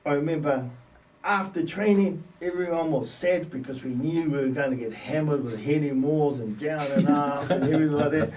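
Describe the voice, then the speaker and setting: A New Zealand man in his fifties, a former rugby player, telling stories as a guest in a relaxed, slangy way. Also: fairly high pitch, normal speed. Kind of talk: casual storytelling. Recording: distant mic with faint background noise.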